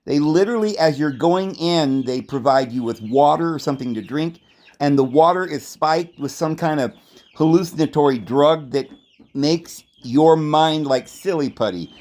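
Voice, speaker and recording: A man's voice: fairly high pitch, normal speed, darkish tone. A man giving a sardonic, meandering video commentary.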